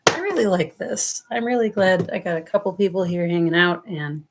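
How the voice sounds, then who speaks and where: Woman, New York accent, low-ish voice, chatty tarot reader on a livestream, affectionate and meandering. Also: lively intonation, a little fast, very noisy. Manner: affectionate, rambling, calls viewers loves and darling. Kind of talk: casual live-stream reading. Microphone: webcam or phone on a livestream.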